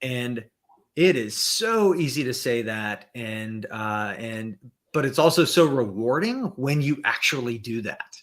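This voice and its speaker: Male guest, bright clear tone, reflective pace, lots of "uh" and restarts, video-call sound. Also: medium pitch, expressive. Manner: thoughtful, halting with many fillers and restarts. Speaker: podcast guest. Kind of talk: casual conversation.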